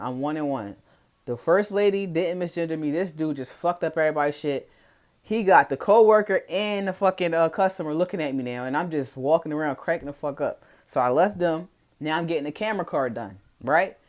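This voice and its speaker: A young man with a Philadelphia accent telling a casual, profane, slang-heavy story to his followers. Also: fairly high pitch. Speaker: vlogger.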